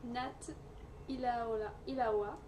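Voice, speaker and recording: A woman's voice: fairly high pitch, steady tone, slow, background noise. A woman with a French accent reading player names from trading cards in a dry, teasing casual chat.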